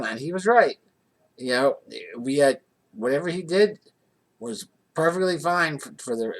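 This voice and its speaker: Man, casual storyteller, rambling delivery, frequent restarts, ordinary mid-pitched voice. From Johnstown area, USA. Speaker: vlogger. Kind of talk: casual personal anecdote.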